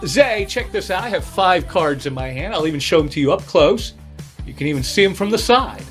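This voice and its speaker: A man hosting a casual live-stream sale, chatting with viewers and doing card tricks as he talks. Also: high-pitched. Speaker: livestream seller and breaker. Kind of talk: casual livestream selling patter.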